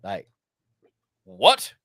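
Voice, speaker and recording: A young man co-hosting a casual podcast, talking in an animated, emphatic way with plenty of swearing. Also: very slow, no echo, studio quality. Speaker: podcast co-host.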